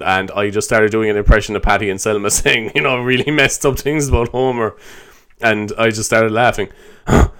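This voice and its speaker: A man's voice: on the low side, a bit bright, clear, resonant tone. A young man hosting a solo podcast, rambling loosely, swearing and laughing as he talks. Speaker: podcast host. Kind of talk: solo improvised podcast chat.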